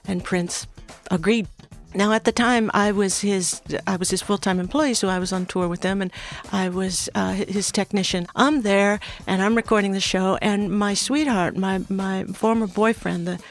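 An older woman, a former recording technician, telling a story in an unhurried, reflective way as an interview guest. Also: medium pitch, fairly even intonation. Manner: unhurried and reflective, with small restarts.

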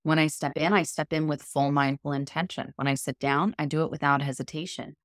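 A woman guest on a podcast interview, explaining a method in a calm, measured, coaching tone. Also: sits low, dry recording, clean studio sound. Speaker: guest, cold immersion method founder.

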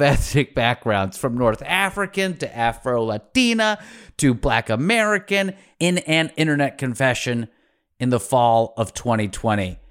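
A man's voice: a little high, a bit bright, clean tone. A man hosting a podcast in a casual, playful way, laughing often and adding theatrical asides. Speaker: podcast host.

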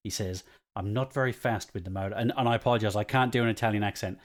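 A man's voice: lowish voice, quick pace. Aussie guy cohosting a podcast, chatty, laughs a lot. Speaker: podcast co-host. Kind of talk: casual chat.

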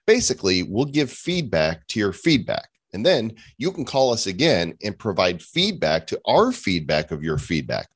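A man's voice: on the low side, normal speed, hardly any pauses, slightly rough, no echo, studio quality. A man hosting a podcast in casual chat, joking and playful as he talks. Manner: playful, jokey, lively delivery. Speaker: podcast host.

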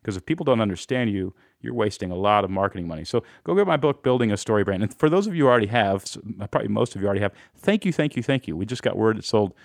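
A man hosting a podcast, speaking quickly in a fairly low voice. He sounds earnest and openly enthusiastic. The studio sound is dry and close. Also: lively intonation, gravelly, no room sound. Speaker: podcast host. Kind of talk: casual podcast talk.

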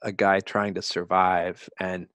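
Reflective man in his 60s, halting. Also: low voice, little pitch movement, a bit bright, clean tone, no room sound. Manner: reflective, halting storytelling with restarts. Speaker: guest writer. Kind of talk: interview conversation.

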